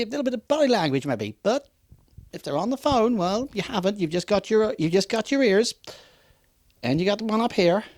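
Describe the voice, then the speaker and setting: A man's voice: high-pitched, no echo, studio quality. A man giving an unscripted customer service training talk, with emphatic, repeated warnings and acted-out customer dialogue. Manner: acts out customer dialogue in quotes.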